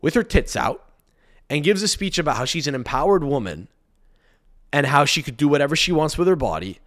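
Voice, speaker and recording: A man's voice: on the high side, animated, a little fast, a bit bright. A young man hosting a podcast, ranting in a frantic, rambling and profane way. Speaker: podcast host. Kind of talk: solo podcast rant.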